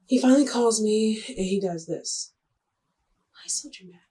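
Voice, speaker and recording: A woman's voice: mid-range voice, warm tone, husky. A young woman vlogger telling a personal story to the camera in a chatty, dramatic, joking way. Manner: chatty, dramatic, jokey, quick asides.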